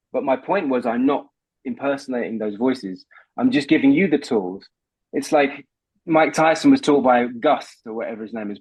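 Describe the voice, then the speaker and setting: A man's voice: medium pitch, breathy edge. A man, a voice coach explaining technique in a casual podcast chat. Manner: animated, explains with examples. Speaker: voice coach guest. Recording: dull, dry, slightly lo-fi.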